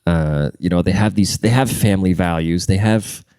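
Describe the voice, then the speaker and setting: A man's voice: deep voice, moderate pace, clear, resonant tone, dry recording. A young man hosting a podcast alone, talking crude and rambling, and congested. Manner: crude, rambling, jumps between loud and muttered. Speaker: podcast host. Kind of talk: casual solo podcast rant.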